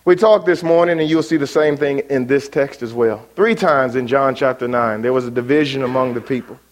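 A man preaching an evening sermon, rising sharply when quoting and dropping soft and low for his appeals. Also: a little fast. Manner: emphatic, rises sharply on quoted words, drops low for appeals.

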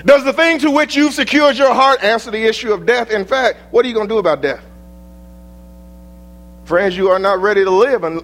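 A man preaching a sermon to young people, emphatic, firing rhetorical questions and shouting out quoted verses. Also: high voice.

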